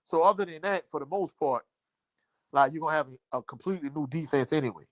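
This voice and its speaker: A middle-aged man from Louisiana chats casually on a sports live stream, reading viewer comments and repeating phrases for emphasis. His voice is bright and a bit high for a man. The recording is close and dry, with no room sound. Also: fast, no echo.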